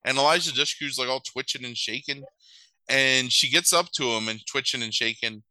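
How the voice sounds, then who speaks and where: A man casually chatting as a podcast co-host, retelling a story and acting out characters in quick voices. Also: medium pitch, pushed and bright, dry recording, low-quality recording. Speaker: podcast co-host recapping a movie. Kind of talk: casual chat.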